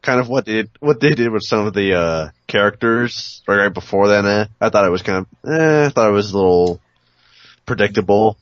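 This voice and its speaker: A man's voice: fairly low pitch, animated, brisk, no room sound. A man co-hosting a podcast game review, talking in a laid-back, hesitant way. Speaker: podcast co-host. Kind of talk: casual game review chat. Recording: dry, dull lo-fi sound.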